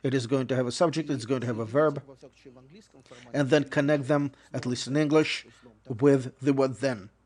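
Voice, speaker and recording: A man voicing an English lecture on interpreting, explaining at a measured pace and often correcting himself as he goes. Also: medium pitch, fairly even intonation, a little mellow.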